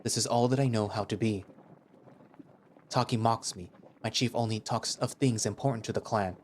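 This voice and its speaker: A man's voice: fairly low pitch, fairly even intonation, moderate pace, a little mellow, slight background noise, natural voice. Loken, a man voicing a blunt beast-man warrior. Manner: terse, formal, literal speech without contractions.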